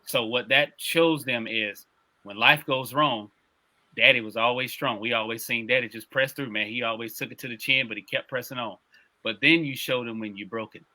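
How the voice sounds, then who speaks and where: A man's voice: medium pitch, fairly even intonation, moderate pace, bright, forceful tone. A man in casual conversation who affirms and builds on what the other speaker says. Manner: affirming, conversational, laid-back.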